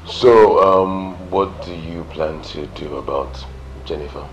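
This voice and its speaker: A man's voice: extremely low pitch, takes it slowly, muffled recording, slight background noise. An actor playing a young man bitter about his girlfriend's betrayal, questioning his friend in a film drama. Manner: resentful, probing.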